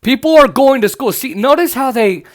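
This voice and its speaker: A man's voice: extremely high pitch, animated, normal speed. A man hosting a political podcast, reacting to news clips in an angry, profane, mocking rant that breaks into laughter. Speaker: podcast host.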